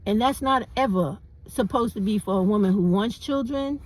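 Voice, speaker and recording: A woman's voice: mid-range voice, normal speed, poor audio. A middle-aged woman, talking bluntly and preachily in a casual, profane opinion monologue. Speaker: commentary vlogger.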